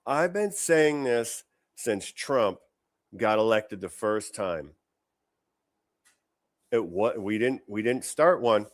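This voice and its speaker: A man's voice: lowish voice, lively intonation, slow, long pauses. A man hosting a political commentary show, talking in a sarcastic, indignant, conversational way. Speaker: show host.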